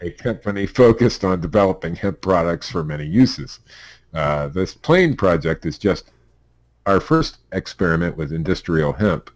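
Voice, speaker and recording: A man with a very low voice and a Pennsylvania accent reads news stories aloud on a casual podcast. He trips over words, laughs and drops wry asides as he goes. The sound is dry and close, with no room around it. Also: very animated, moderate pace, dry recording. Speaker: podcast co-host reading news.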